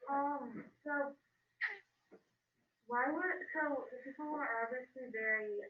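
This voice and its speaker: A woman's voice: sits high, slow, a little hiss or hum. Hesitant young female student, far off. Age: teenager. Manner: hesitant questioning. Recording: tinny, distant, echoey.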